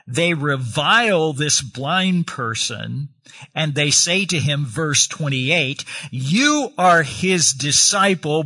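A man with a slightly high, bright voice preaches a sermon in a forceful tone. He reads scripture aloud and explains it verse by verse.

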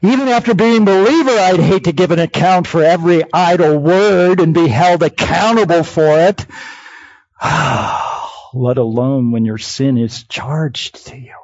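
A man preaching a sermon, swinging from hushed near-whispers to raised, emphatic cries. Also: on the high side, slow pace, dry recording. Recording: dull lo-fi dry sound.

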